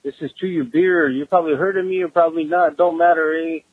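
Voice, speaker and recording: A man's voice comes through a tinny, phone-like voicemail line. It sits a little high and sounds husky and dry. He talks in loose slang, tagging his lines with "eh". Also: fairly even intonation, fast, no room sound. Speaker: voicemail caller.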